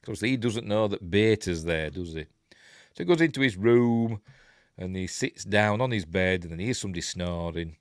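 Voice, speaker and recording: Middle-aged Yorkshire man, low-ish lively voice, dry close sound, chatty film-review host. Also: normal speed, no echo. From Yorkshire, England. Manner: rambling, chuckling asides, many fillers. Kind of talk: casual film breakdown, chatting with live viewers.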